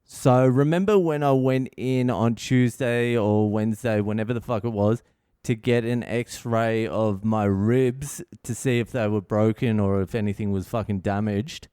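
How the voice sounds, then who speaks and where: A man's voice: lowish voice, measured pace, mellow, clear, resonant tone, no echo, studio quality. A man, telling a story to his podcast in a laid-back, profane way, with a sore chest. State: sore chest, short of breath. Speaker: comedian podcast host. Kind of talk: casual storytelling monologue. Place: hospital.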